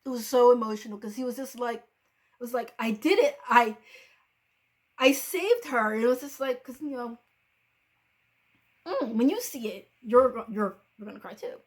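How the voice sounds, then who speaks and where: A chatty woman with a fairly high voice gives a casual spoken film review. She acts out the characters' lines as she goes and sometimes trails off into soft, almost whispered asides. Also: normal speed, pauses often.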